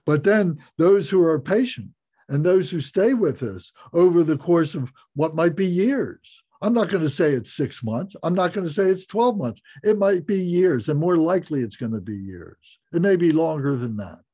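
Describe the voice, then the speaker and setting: A man giving a Buddhist class talk, explaining slowly and reflectively, repeating phrases and restarting. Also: on the high side, expressive, warm tone, breathy edge. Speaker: Buddhist teacher.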